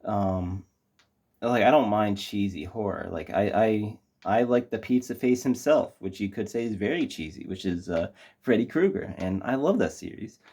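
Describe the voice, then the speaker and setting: Low, mellow-voiced young man rambling. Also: normal speed. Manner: rambling, many fillers and restarts. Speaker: co-host reviewing a movie. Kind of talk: casual review chat.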